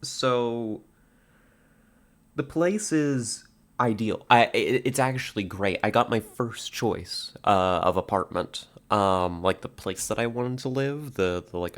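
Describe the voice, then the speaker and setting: A man's voice: lowish voice, a bit bright. A man streaming live, chatting casually with viewers, laughing often and stumbling over his words. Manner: giggly, stammering, reads out chat puns.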